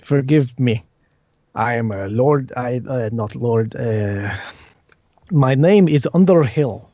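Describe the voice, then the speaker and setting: A man's voice: mid-range voice, slow pace, mellow, no echo, lightly acted. A man puts on a dwarf grave digger who brags about his trade and rambles, his grammar slipping as he goes. The sound is dry and muffled, like stream audio. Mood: flustered. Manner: rambling, folksy, bungled grammar.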